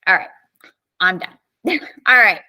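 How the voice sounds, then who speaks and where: Bright-voiced chatty woman teacher. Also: medium pitch, a little slow. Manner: chatty, filler-heavy, animated storytelling. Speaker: government teacher. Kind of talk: casual live online class lesson.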